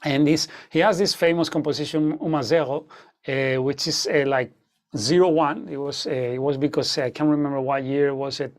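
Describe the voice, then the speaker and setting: Fairly high-voiced male guitar teacher, explanatory and loose, checking in with students often. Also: steady tone, moderate pace. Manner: explanatory, frequent "okay?" check-ins, hesitant fillers. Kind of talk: online masterclass teaching.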